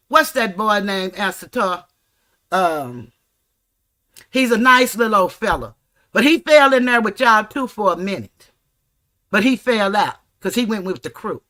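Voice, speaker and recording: A woman's voice: a little high, fairly bright tone. A woman, hosting a livestream and ranting angrily with heavy profanity. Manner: angry, profane, confrontational. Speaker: livestream host.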